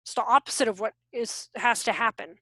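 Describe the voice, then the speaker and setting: A high-pitched woman talks through a parenting workshop over a video call, chatty and loose, slipping into little acted-out voices of parents and kids. The sound is close and dry, with no room echo. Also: a little fast, pushed and bright. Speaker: workshop presenter on parenting and teaching. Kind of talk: casual online workshop talk.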